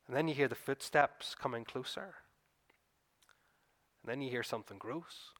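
A man preaching a sermon as pastor, retelling a gospel story vividly and speaking to listeners as "you", building to excited peaks and then dropping quiet. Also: medium pitch, moderate pace.

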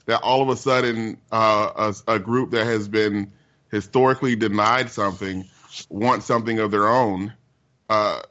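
A man's voice: on the low side, steady tone, moderate pace, sharp tone, dull audio. A man co-hosting a casual group chat, rambling emphatically, with frequent restarts and repeated words. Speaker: podcast co-host.

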